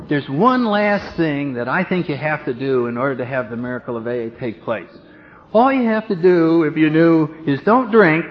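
A man's voice: high voice, long reverb tail. Man telling his story at a meeting, lo-fi. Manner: humorous, self-mocking, acts out quoted voices. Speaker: speaker sharing his story at a recovery meeting. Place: meeting room with an audience. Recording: dull lo-fi recording with background noise.

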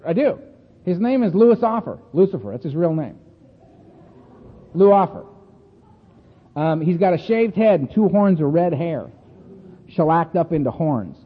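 Man, high voice, animated storyteller, frequent laughs, tinny phone-like sound, long hall echo. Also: measured pace, pauses often, breathy edge. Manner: animated, chatty, laughs often, tags lines with "man" and "right?". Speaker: speaker sharing at a recovery meeting. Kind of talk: storytelling talk. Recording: echoey hall over a tinny phone-like line.

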